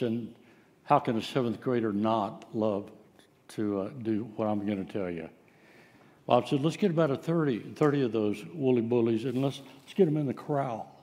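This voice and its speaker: A man's voice: mid-range voice, mellow, big-room sound. A man preaching a sermon, telling stories in a folksy way with frequent filler sounds. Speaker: pastor.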